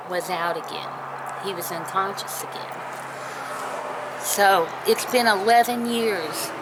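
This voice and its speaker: Tearful woman with steady background noise. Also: on the low side. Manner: tearful, earnest, consoling. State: crying. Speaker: vlogger. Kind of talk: heartfelt personal talk to camera.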